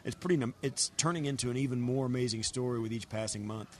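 A man's voice: medium pitch, quick pace. A man interviewing a former player on site, earnest and casual. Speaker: sideline interviewer.

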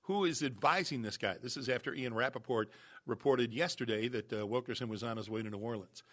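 A male sports talk host with a bright, forceful voice. He chats easily and laughs often as he sets up clips for his co-host. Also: mid-range voice, a little fast. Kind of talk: sports talk show chat.

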